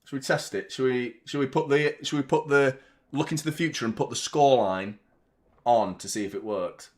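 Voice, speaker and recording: Speaking briskly in a mid-range voice, a man hosts a football fan channel during a live watchalong. His chat rambles, sounds exasperated, and includes casual swearing.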